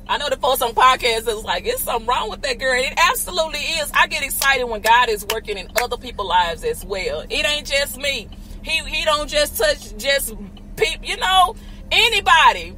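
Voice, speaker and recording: Excitable woman preaching from her car. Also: high voice, rough recording. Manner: bursts into loud joyful shouts of praise. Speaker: podcast host. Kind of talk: live faith talk while driving. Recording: street and car noise. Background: car and road noise.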